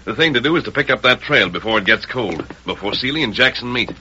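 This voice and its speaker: An actor in 1940s radio acting style playing a confident, commanding masked lawman hero with a crisp, authoritative voice. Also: medium pitch, lively intonation, fast talker, pushed and bright, lo-fi sound. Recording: hissy old radio broadcast.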